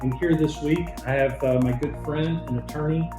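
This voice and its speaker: Podcast host in an echoey room. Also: male voice, a little high, fairly even intonation, moderate pace, over music. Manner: friendly, conversational with fillers. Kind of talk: casual podcast interview. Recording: roomy echo.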